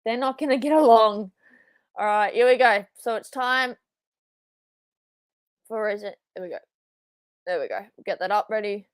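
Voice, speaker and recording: Excitable Australian woman calling wrestling live. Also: mid-range voice, normal speed, pauses often, clean tone, no echo. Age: young adult. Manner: excitable, swearing, shouting at big moves. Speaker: watchalong streamer. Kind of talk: live wrestling watchalong commentary.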